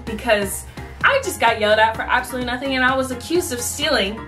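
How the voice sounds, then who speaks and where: A woman's voice: sits high, animated, quick pace, distant mic, over music. A woman vlogger animatedly telling a sassy story about her job as a cashier. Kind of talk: storytime vlog.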